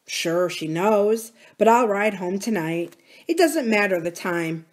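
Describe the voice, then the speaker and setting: Brief: woman reading a musing, gentle older farmer in an audiobook-style reading. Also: high voice, animated, takes it slowly.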